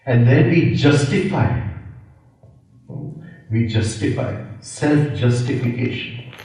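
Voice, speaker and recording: A man's voice: mid-range voice, takes it slowly, darkish tone. A middle-aged man giving a spiritual lecture as a yoga teacher, talking reflectively, repeating key phrases and checking in with his listeners. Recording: very echoey room, mic far off.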